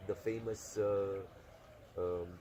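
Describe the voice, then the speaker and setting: A man from Romania interviewing a guest in casual chat, talking with many fillers and pauses. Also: fairly low pitch, fairly even intonation, a crowd in the background. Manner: chatty, hesitant, with many fillers. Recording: noisy background.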